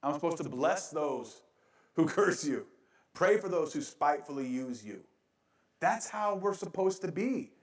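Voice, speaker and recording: A man's voice: a little high, lively intonation, a little slow, far from the mic. A male pastor preaching a sermon with a joking, self-mocking manner and frequent laughs, recorded in a church sanctuary. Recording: very echoey church room.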